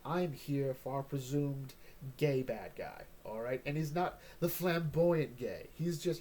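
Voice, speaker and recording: A man's voice: mid-range voice, a little slow, darkish tone, slight background noise. A man hosting a casual comic book chat, joking and rambling, often tagging on "all right?". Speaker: comic book podcast host.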